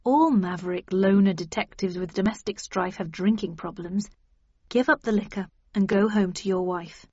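Calm bossy lady agent, as the reader does her, husky, kinda muffled sound. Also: medium pitch, normal speed, no echo, natural voice. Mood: coaxing. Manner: firm and coaxing. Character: brisk, level-headed woman book agent.

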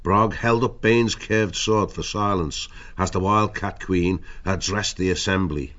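Deep-voiced male narrator for an audiobook; steady, measured storytelling, lo-fi sound. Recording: dull lo-fi audio.

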